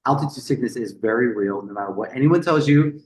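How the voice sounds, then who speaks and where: A man on a podcast, telling a story in a casual, animated way. He swears freely, repeats words and acts out the people he quotes. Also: mid-range voice, fast talker, reverberant, poor audio. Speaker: podcast guest.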